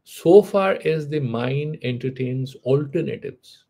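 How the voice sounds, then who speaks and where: Gravelly, husky male storyteller. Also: mid-range voice, slow pace, warm tone. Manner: conversational, with frequent "you know" fillers and restarts. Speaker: spiritual teacher. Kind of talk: storytelling lecture on philosophy.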